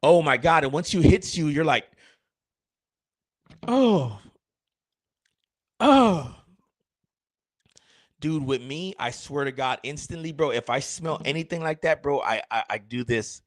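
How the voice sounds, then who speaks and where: A man's voice: on the high side, normal speed, hardly any pauses, no echo. A man, a streamer and rapper, chatting casually in a rambling, crude, joking way. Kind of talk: casual livestream chat.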